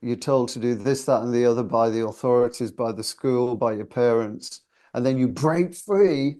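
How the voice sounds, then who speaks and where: A man's voice: mid-range voice, moderate pace, mellow. A man in his sixties from the UK, a singer guest telling stories in a chatty, reflective and self-deprecating way. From United Kingdom. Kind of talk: casual interview storytelling.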